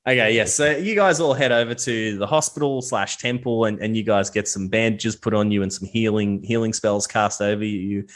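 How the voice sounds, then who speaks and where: A man's voice: fairly low pitch, moderate pace, few pauses. A young man narrating as game master of a tabletop game, rambling loosely with lots of fillers.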